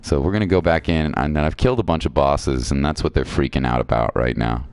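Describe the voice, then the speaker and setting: Low-voiced, chatty male game streamer. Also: fast talker, darkish tone, smooth, no echo. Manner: chatty, reads viewer chat aloud, reacts playfully. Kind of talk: casual gameplay commentary.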